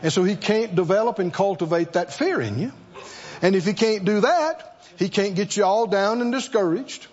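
A man's voice: high-pitched, animated, normal speed, highs cut off. A man preaching a sermon, throwing rhetorical questions at the congregation and calling for responses.

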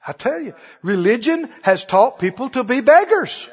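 A man's voice: very high voice, big pitch swings, moderate pace, breathy edge, in a large hall, highs cut off. A man preaching a sermon, firing repeated questions at his congregation. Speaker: pastor.

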